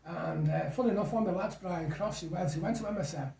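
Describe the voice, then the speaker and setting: A man's voice: sits high, fast, gravelly, mellow, distant mic. A man, a guest reminiscing in rambling, chuckling stories. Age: 60s. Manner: rambling storyteller, chuckles often. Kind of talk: casual reminiscing chat. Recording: echoey room, off mic.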